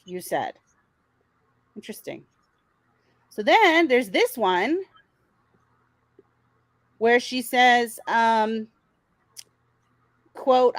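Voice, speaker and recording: A woman's voice: on the high side, lively intonation, extremely slow, long pauses, dry recording, poor audio. A woman hosting a casual commentary show, talking in a blunt, sarcastic way and swearing freely. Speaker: commentary channel host.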